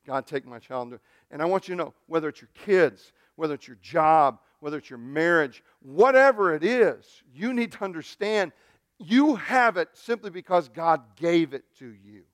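A man's voice: on the high side, animated, normal speed, no echo, studio quality. A middle-aged male pastor preaching a sermon, telling a family story in an earnest, storytelling way with frequent restarts.

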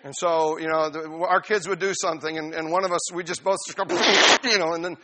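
A middle-aged pastor with a notably high voice preaches an expository sermon from the pulpit, his tone bright, forward, and steady as he explains a passage at a fast pace. He keeps it conversational and emphatic, weaving in personal stories as if talking with his own church family.

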